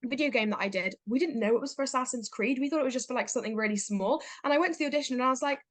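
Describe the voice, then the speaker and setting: A teenage girl talks in a bright, chatty way, with lots of fillers and little acted-out quotes. Her voice sits a bit high, and the sound is dry and close. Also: very fast, dry recording. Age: teens. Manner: chatty, upbeat, many fillers, acts out quotes. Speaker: guest, young actor. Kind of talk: casual interview chat.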